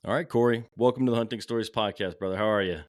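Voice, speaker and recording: A man hosting a hunting podcast, talking casually and warmly, calling his guest brother and man. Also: lowish voice, fairly even intonation, a little hiss or hum. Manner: friendly, fast, calls guest brother and man. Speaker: podcast host.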